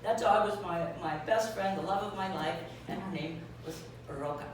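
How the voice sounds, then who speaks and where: A woman telling a funny personal story to a live audience, lively and acting out other people's voices. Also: medium pitch, moderate pace. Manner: lively, acts out voices with laughter. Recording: echoey hall from far off, noisy.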